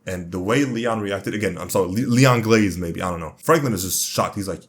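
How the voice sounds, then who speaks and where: Fast-talking young man reviewing TV. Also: low voice. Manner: slangy, rambling, excited. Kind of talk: casual TV show review.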